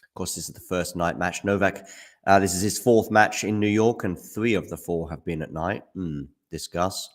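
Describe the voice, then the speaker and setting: Low-voiced relaxed man musing over tennis. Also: normal speed. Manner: relaxed, musing, hums and fillers. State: eating chocolate while talking. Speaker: watchalong host. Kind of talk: casual live commentary.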